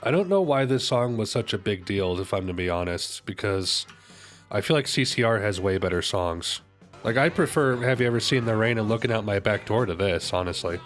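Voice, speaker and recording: Man, low voice, young adult, casual rambling chat, self-correcting, music playing faintly behind. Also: lively intonation, a little fast. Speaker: music reaction streamer.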